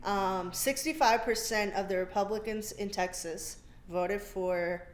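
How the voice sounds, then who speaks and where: A woman's voice: medium pitch, a little slow. A woman guest on a podcast, breaking down politics and vote counts in a matter-of-fact, casual way. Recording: echoey room with faint noise.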